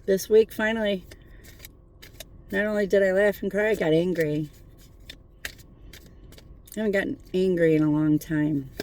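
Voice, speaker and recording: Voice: mid-range voice, fairly even intonation, a little slow, long pauses, darkish tone. A tarot reader giving a casual spiritual pep talk from a parked car at night, mixing earnest encouragement with swearing and jokes. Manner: profane, joking, earnest encouragement.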